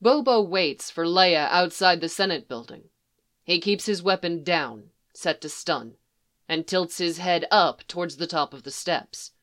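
A woman reading fan fiction aloud in a soft, even storytelling manner. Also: fairly low pitch, a little slow. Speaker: reader.

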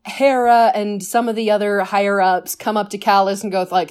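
A woman's voice: mid-range voice, flat delivery, moderate pace, darkish tone, smooth. A woman casually retelling a story in a chatty, enthusiastic way, with lots of fillers.

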